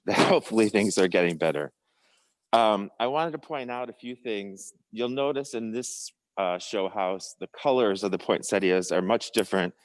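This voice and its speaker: A man's voice: fairly low pitch, dry recording. A man presenting a guided tour of a conservatory show house, informal with frequent fillers.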